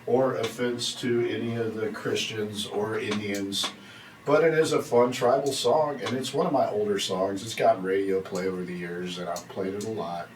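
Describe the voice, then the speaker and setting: A middle-aged man, a drummer and songwriter telling the story behind a song in a chatty, rambling way. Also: lowish voice. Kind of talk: casual talk to camera. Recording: roomy, far from the mic, faint hiss.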